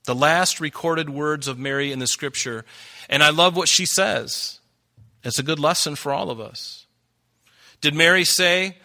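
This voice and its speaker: Man, pastor, sermon, emphatic, rhetorical questions, bright tone. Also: fairly high pitch, a little slow. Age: adult. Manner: emphatic, rhetorical questions, reads scripture aloud.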